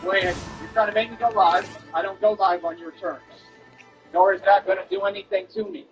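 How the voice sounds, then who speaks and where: A man's voice: high voice, fairly even intonation, fairly quick, soft background music, low-quality recording. A man streaming while he delivers a confrontational, boastful rant at an online critic.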